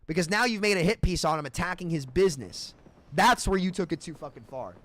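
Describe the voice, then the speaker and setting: A man's voice: high voice, lively intonation, fairly quick, fairly bright tone. Heated, cursing male game streamer. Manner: heated, profane, repeats himself. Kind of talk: livestream rant between matches.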